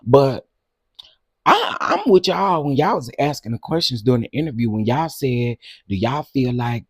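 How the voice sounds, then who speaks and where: A man hosting a casual live stream, chatty and quick to laugh, talking straight to his viewers. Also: mid-range voice, very animated, husky, no room sound, studio quality.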